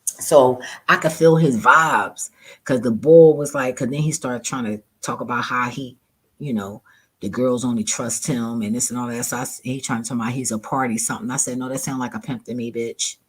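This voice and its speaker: A relaxed man telling a casual storytime, loose and profane, laughing often as he talks. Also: mid-range voice, normal speed, slightly rough, poor audio. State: relaxed and laid back. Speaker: vlogger.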